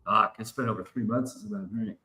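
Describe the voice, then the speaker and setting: A man's voice: lowish voice, fast, bright, forceful tone, poor audio. A man in his forties hosting a casual show, rambling and swearing through a story. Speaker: podcast host. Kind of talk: casual chat.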